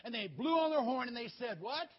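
A man's voice: extremely high pitch, big pitch swings, quick pace. A man giving a children's story sermon as a pastor, telling it animatedly and inviting kids to join in. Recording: dull lo-fi sound.

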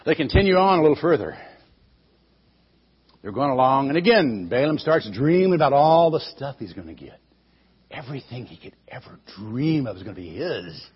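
Lively husky male storyteller. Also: medium pitch, moderate pace, highs cut off. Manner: asks the audience questions, playful. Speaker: storyteller for children. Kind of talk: animated Bible storytelling.

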